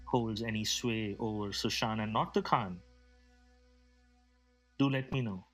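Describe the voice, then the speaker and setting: A man's voice: lowish voice, measured pace, a bit bright, faint music behind. A man playing a loyal desert warrior envoy in a tabletop game, speaking formally and solemnly.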